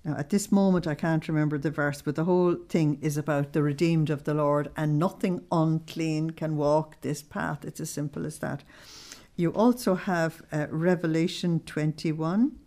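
Low-voiced woman teaching scripture. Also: steady tone, dark tone. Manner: measured, explaining with plain everyday examples. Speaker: religious teacher. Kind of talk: spiritual teaching to a small group.

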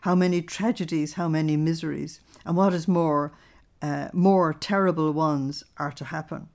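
A woman's voice: deep voice, fairly even intonation, a little mellow. A woman leading a Bible study, reading a devotional text aloud and stopping to explain it earnestly. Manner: earnest, explanatory, pauses to comment between readings.

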